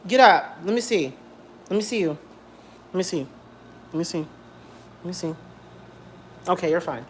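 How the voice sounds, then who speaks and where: A young man vlogging from home in a casual rant, animated and blunt, repeating himself and swearing freely. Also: high-pitched, unhurried, a little hiss or hum. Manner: animated, repetitive, blunt and profane.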